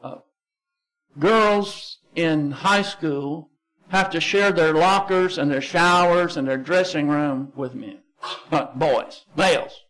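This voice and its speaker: A man with a Texan accent preaching a sermon as pastor, conversational and emphatic, slowing down to stress key phrases. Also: on the high side, fairly bright tone, rough recording.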